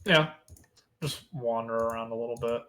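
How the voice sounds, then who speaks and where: A man's voice: mid-range voice, normal speed, pushed and bright. A man playing a tabletop game, describing his character's actions in a casual, hesitant way. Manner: casual, hesitant, laughs often. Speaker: player.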